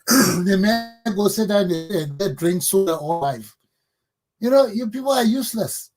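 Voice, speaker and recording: A middle-aged man with a Liberian accent hosts a talk show, his high voice husky and a little rough. He delivers blunt, scolding political commentary and hurls insults at those he criticizes. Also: darkish tone.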